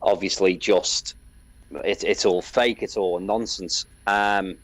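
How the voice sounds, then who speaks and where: A man with a Scouse accent, a guest in a casual online discussion, talking in a measured way. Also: sits low, steady tone. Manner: measured, hesitant with fillers.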